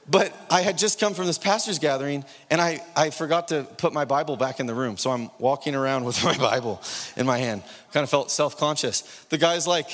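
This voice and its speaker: Animated preaching man in a reverberant hall. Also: fairly high pitch, a little fast. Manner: storytelling, animated, acts out dialogue, builds to urgent exhortation. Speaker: pastor. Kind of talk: sermon.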